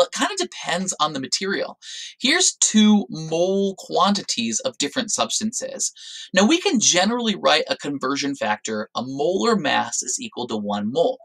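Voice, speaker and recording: Lively male science teacher explaining. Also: a little high, poor audio. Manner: lively, explanatory, stresses key words. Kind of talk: recorded classroom lecture.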